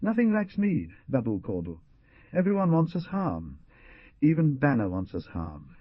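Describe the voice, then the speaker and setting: A man's voice: medium pitch, wildly swooping pitch, moderate pace, no echo, lo-fi sound, voice pushed up. Man doing an anxious young village bride. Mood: anxious plaintive. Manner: anxious, plaintive.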